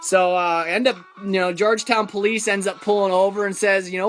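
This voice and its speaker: A man's voice: high-pitched, fairly even intonation, brisk, fairly bright tone, soft background music. A man casually telling a story about his own travels, rambling with lots of fillers and chuckles.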